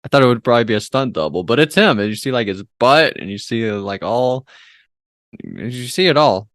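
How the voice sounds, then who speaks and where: A man in relaxed conversation on a film podcast, retelling movie scenes with an easy laugh. His pitch moves about freely, and the recording is dry and close to the mic. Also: brisk, no echo. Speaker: podcast co-host. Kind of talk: casual film review chat.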